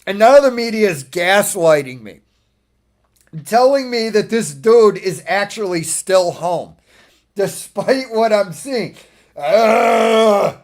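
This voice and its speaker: A man talking casually as a streamer, ranting in a profane, exasperated way and laughing often. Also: sits high.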